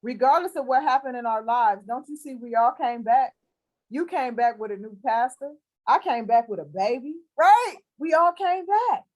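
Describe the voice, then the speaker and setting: Woman podcast host, fairly high voice, animated and quick to laugh, earnest in prayer. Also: low-quality recording. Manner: lively, laughs often, earnest when praying. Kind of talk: casual chat and spoken prayer.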